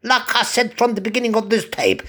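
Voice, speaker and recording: Older man from Cyprus, chatty rambling talker who chuckles, husky and lively. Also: very high voice, a little fast. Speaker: barber. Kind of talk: casual monologue.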